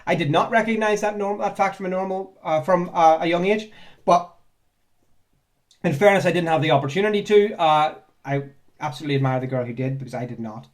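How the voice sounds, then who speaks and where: A man's voice: high voice, fairly quick. A man, chatting sarcastically as he reads out and answers viewer comments, rambling and laughing often. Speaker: ex-Jehovah's Witness vlogger. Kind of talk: casual commentary on reader comments.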